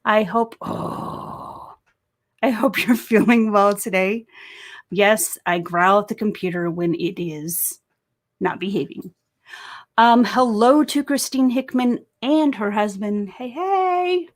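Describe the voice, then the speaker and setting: A woman's voice: mid-range voice, slow pace. A woman with a sore throat hosting a casual live stream, chatting and greeting viewers by reading their comments aloud. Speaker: livestream host. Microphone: desk microphone.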